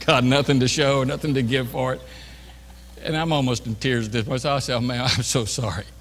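A man's voice: medium pitch, steady tone, a little fast, a bit bright, slight background noise. A middle-aged man, a pastor telling a self-mocking story in a sermon, chatty and full of restarts. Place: church sanctuary. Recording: reverberant church hall.

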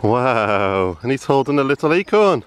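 A man's voice: mid-range voice, big pitch swings, moderate pace, clear, resonant tone. A man in his thirties, a family vlogger chatting casually while walking an outdoor farm trail, encouraging his small son, into a handheld camera.

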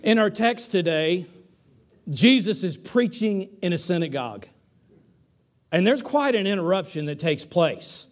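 High-voiced pastor telling sermon stories. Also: male voice, lively intonation, a little slow. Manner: storytelling with restarts, building to emphatic peaks. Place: church sanctuary.

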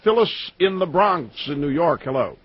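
A man's voice: fairly high pitch, lively intonation, normal speed, heavy background noise. A man hosting a call-in radio show, talking in a defensive, stammering way with callers. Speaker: radio talk show host. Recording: muffled radio broadcast.

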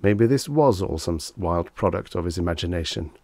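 A man narrating a vintage short story as an audiobook reader, in a measured, wry storytelling manner on a close mic. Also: deep voice, lively intonation, darkish tone, dry recording.

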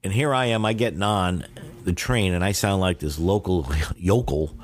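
An older man talks in a very deep voice. He is a guest in a casual interview and tells loose, wandering stories. He often restarts his sentences as he goes. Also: normal speed. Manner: rambling anecdotal storyteller with many restarts. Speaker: guest, Chinese teacher.

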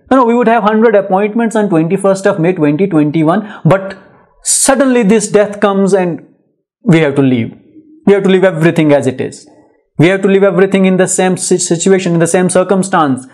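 A man's voice: sits high, a little mellow. A man giving a poetry lecture in an emphatic, repetitive style full of rhetorical questions. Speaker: literature lecturer. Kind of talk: poetry lecture mixing English and Hindi.

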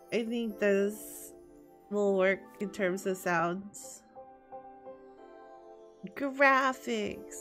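A woman's voice: mid-range voice, creaky, a bit bright. A young woman streamer chatting casually with her chat while playing, laughing often. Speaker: VTuber streamer.

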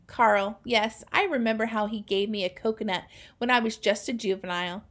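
A woman reading a children's novel aloud in a calm, unhurried way. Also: medium pitch. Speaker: reader.

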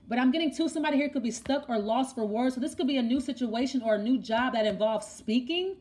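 A young woman with a high voice gives a tarot reading, talking to her listener directly. She rambles and thinks aloud, often repeating phrases as she asks the cards what they mean. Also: fast, darkish tone. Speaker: tarot reader.

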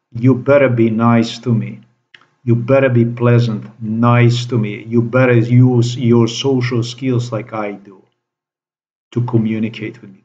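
A man's voice: medium pitch, a little mellow. Man, profane accusing rant, repeats his phrases, dull lo-fi sound. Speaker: vlogger. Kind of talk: angry monologue to camera. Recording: dull lo-fi recording.

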